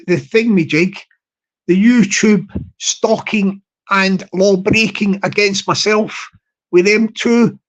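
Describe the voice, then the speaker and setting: A man's voice: high voice, fairly bright tone, low-quality recording. A man talks to his live stream in a loose, rambling way. He stalls on fillers and restarts often, and he repeats his points over and over. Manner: halting, repetitive, many fillers and restarts.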